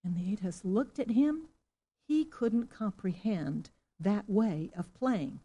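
Woman, pastor, from Singapore, middle-aged, sermon storytelling, middle-pitched voice, questions to the congregation. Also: animated, slow pace, breathy edge. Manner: storytelling, asks the congregation questions, rises to loud exclamations.

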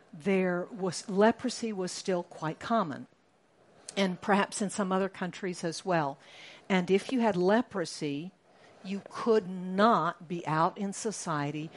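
A woman preaching a sermon to her congregation. She speaks in a somewhat low voice. She is animated and breaks into sudden loud shouts to drive her points home. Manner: animated, rising to shouts for emphasis.

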